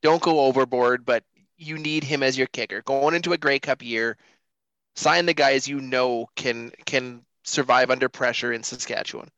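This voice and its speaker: A man's voice: medium pitch, fairly even intonation, moderate pace, fairly bright tone, no room sound, lo-fi sound. A man co-hosting a sports podcast, emphatic and agreeable in banter. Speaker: podcast co-host. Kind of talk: casual sports chat.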